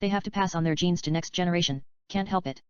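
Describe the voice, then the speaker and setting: A woman's voice: lowish voice, quick pace, clean tone, no room sound, natural voice. A woman reading a teasing actress. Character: adult actress, teasing and provocative. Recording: dull, slightly lo-fi dry recording.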